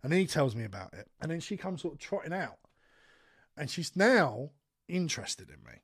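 A man's voice: on the high side, normal speed, breathy edge. A man co-hosting a podcast, telling a long, sweary personal story in casual chat. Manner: sweary, animated anecdote-telling. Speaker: podcast co-host.

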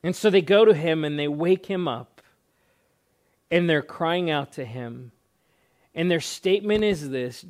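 A man's voice: a little high, a little slow, long pauses. A man preaching a sermon as a pastor, earnest, often repeating words and stretching out phrases for emphasis.

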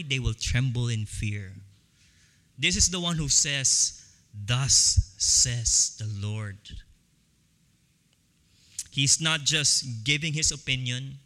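A man preaching a sermon as pastor, slow and emphatic, repeating key phrases for stress. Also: a little high, sharp tone, in a large hall.

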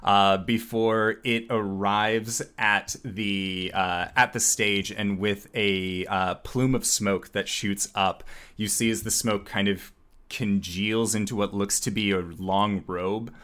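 A man narrating a tabletop game as game master, his voice sitting fairly low. He talks slowly and stops often to fill gaps with filler sounds. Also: steady tone, a bit bright, clean tone. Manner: halting, many filler sounds.

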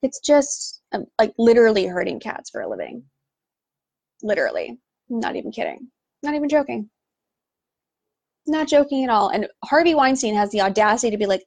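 A woman's voice: on the high side, big pitch swings, moderate pace, vocal fry, pauses often, darkish tone, dry recording. A woman hosting a casual podcast, ranting in an exasperated, sarcastic way with lots of "like". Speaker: podcast host.

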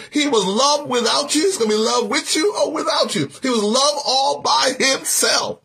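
A man preaching a sermon, teaching scripture in a folksy, animated way, breaking into laughs and sung-out phrases. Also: extremely high pitch, a little fast, breathy edge.

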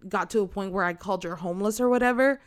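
A woman's voice: medium pitch, fast talker, clear, resonant tone. A young woman in casual chat, animatedly telling a story and acting out the people in it. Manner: animated storytelling, acts out quoted customers.

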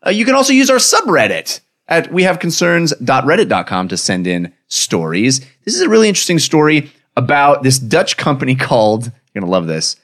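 A man's voice: mid-range voice, fairly bright tone. A man co-hosting a casual, joking podcast and laughing often as he riffs. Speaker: podcast co-host. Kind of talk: casual comedic chat.

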